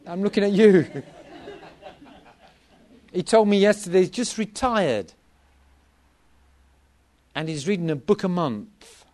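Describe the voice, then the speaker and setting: Slow, lively-pitched male preacher. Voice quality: lively, swooping delivery with emphatic repetition. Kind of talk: sermon.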